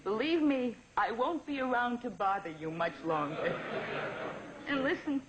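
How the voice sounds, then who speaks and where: A smothering, melodramatic mother, played by a woman pours guilt down the phone at her grown son in an old comedy sketch. Her voice sits high, and the recording is muffled with a loud hiss. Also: animated, measured pace. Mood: guilt-tripping. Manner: nagging, melodramatic, guilt-tripping. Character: doting guilt-tripping middle-aged mother on phone.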